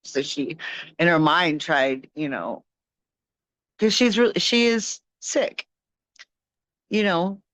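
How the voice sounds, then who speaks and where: A woman's voice: fairly low pitch, animated, takes it slowly, pauses often, fairly bright tone, no room sound. A woman on a video call sharing a personal story earnestly, in a rambling way with many fillers. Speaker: participant.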